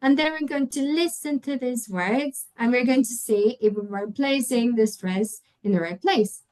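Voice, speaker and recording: A woman whose first language is Spanish teaches pronunciation in a webinar, speaking slowly and with care. Her voice sits fairly high. She models example words one by one and keeps checking in with the listener. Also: a little mellow, rough recording. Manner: patient explaining, models example words aloud, frequent tag questions. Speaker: English teacher trainer. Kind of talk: webinar lecture.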